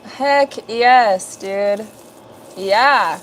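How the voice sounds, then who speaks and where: A woman in her fifties hosts a relaxed live stream, chatting with viewers as she works. Her voice sits a little high, and she takes her time with each thought. She stays upbeat and friendly, greeting people in the chat by name. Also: a little slow. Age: 50s. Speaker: livestream host. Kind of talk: casual live chat while working.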